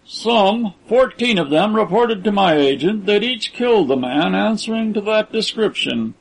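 A man's voice: high voice, animated, normal speed, breathy edge, voice pushed up, full character voice, poor audio. A man doing a cold, lordly rich patriarch.

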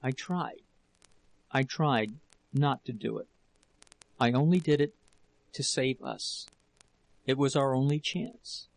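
A man voicing a desperate young woman who pleads tearfully with her husband, in a slow, gravelly reading. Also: medium pitch, low-quality recording. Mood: broken, whispering.

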